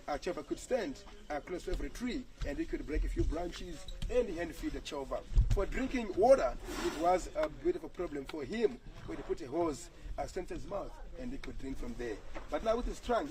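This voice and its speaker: A man's voice: a little high, poor audio. A man working as a guide at an elephant sanctuary, talking cheerfully to visitors outdoors and praising often. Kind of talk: live tour guiding. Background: crowd of visitors.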